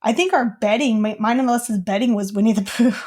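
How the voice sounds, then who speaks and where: A woman's voice: fairly high pitch, brisk, a little mellow. A young woman co-hosting a podcast, telling a childhood story in casual chat with lots of fillers. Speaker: podcast co-host.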